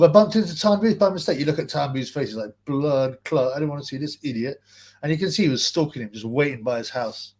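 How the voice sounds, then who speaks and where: A man hosting a casual livestream, rambling and mocking as he reads out greetings from chat. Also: medium pitch. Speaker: livestream host.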